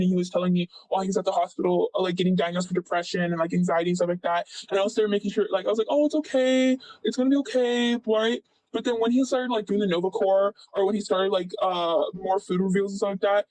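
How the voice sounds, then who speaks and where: A man's voice: sits high, a little mellow, no room sound, poor audio. A young man in his late teens, telling a personal story in a loose, rambling way full of fillers. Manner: rambling, heavy on "like" and "blah blah". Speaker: interviewee. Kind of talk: casual retelling.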